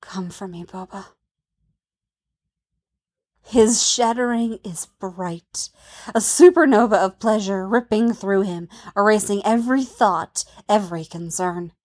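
Slow, soft-spoken woman narrator. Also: medium pitch. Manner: soft, intimate, unhurried. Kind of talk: storybook narration.

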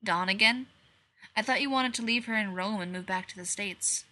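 A detached male killer who speaks in a dry, deadpan way, as a woman reads him in her own voice. The tone stays clear and bright. He sounds amused by things that should not amuse him. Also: medium pitch, normal speed. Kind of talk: fan fiction read aloud.

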